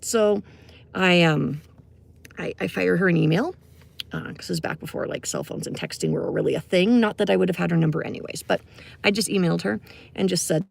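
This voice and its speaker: A woman's voice: fairly low pitch, sing-song, a little fast, creaky. A middle-aged woman, a music teacher telling a personal story in a casual, conversational way, full of fillers and asides. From Canada.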